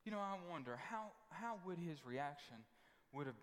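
Emphatic preacher in a reverberant church hall. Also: male voice, a little high, lively intonation, normal speed. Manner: folksy, emphatic preaching with repetitions. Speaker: pastor. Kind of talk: sermon. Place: church sanctuary.

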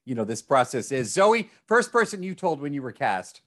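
A man's voice: medium pitch, big pitch swings, moderate pace, a bit bright. A man hosting a podcast, talking casually and enthusiastically, often repeating and restarting words. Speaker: podcast host.

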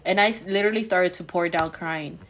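A woman's voice: lowish voice, brisk, fairly bright tone, a little hiss or hum. A woman guest talking in a candid, rambling way, full of filler words, in a casual podcast conversation.

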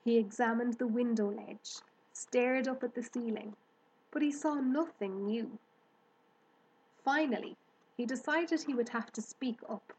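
A woman reading a children's novel aloud in a slow, gentle storytelling manner. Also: fairly high pitch, breathy edge, rough recording. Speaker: reader.

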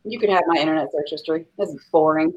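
Animated woman telling a quick story. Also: low voice, muffled recording. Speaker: guest angler. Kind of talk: casual podcast chat.

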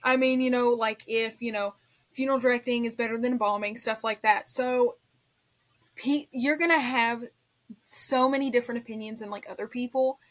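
A woman's voice: a little high, fairly even intonation, normal speed. A young woman co-hosting a podcast, backing up her friend in casual chat with frequent agreeing remarks. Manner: supportive, frequent "yeah" agreement. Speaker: podcast co-host.

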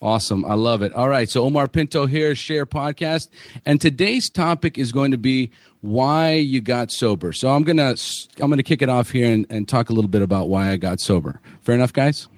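A man's voice: medium pitch, fairly quick, no echo. A man hosting a podcast panel, telling his own story of getting sober in a candid, blunt way, swearing freely and restarting his sentences. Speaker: podcast host.

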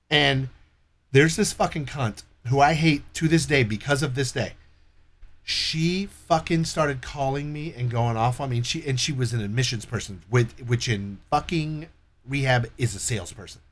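At a moderate pace and with a mid-range voice, a man serves as the storytelling guest in an easygoing chat. He relates a long story animatedly, cursing often and imitating the voices of those he quotes.

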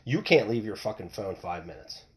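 A man's voice: on the low side, very animated, moderate pace. A man hosting his own podcast, talking bluntly and rambling, with frequent swearing. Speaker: podcast host. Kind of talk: opinionated solo podcast rant.

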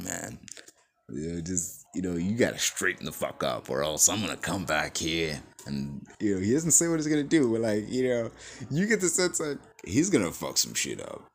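A man hosting a casual movie review, excitable and profane, with lots of "like" and "you know". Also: deep voice, vocal fry, slightly rough.

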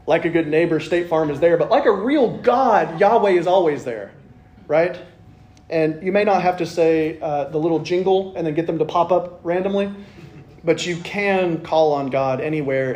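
Man with a high voice, preacher, chatty humorous sermon, echoey church room. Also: darkish tone. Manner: conversational and joking, with wry asides. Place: church sanctuary.

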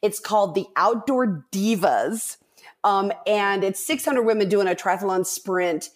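Podcast guest, woman, animated storyteller who acts out the voices of others. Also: medium pitch, measured pace. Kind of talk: casual storytelling.

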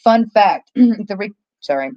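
A woman's voice: medium pitch, lively intonation, measured pace, no echo, muffled recording. A woman co-hosting a casual movie discussion podcast from home, talking in a loose, chatty way with frequent swearing and laughter. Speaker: podcast co-host.

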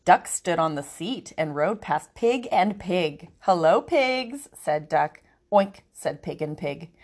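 Slow, expressive woman reading a storybook. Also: low voice. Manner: expressive, animal voices for each character. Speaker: storybook reader. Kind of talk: reading a picture book aloud.

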